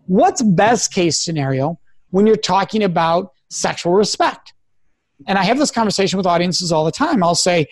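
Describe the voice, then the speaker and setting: A man's voice: high voice, animated, moderate pace, no echo, clean studio sound. A man who is a guest expert on a radio talk show, speaking earnestly and coaching listeners with example phrases. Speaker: guest expert on sexual respect.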